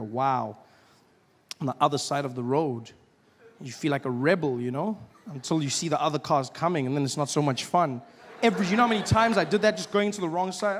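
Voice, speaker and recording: A man doing a stand-up comedy set, telling stories and acting out other people's voices with loud, high outbursts. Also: big-room sound, very noisy.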